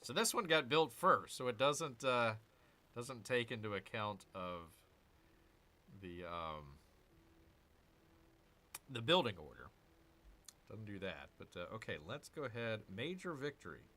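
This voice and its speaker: A man's voice: medium pitch, expressive, measured pace, long pauses, sharp tone. A man hosting a casual let's-play, chatting with viewers and muttering to himself over his moves. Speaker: gaming channel host.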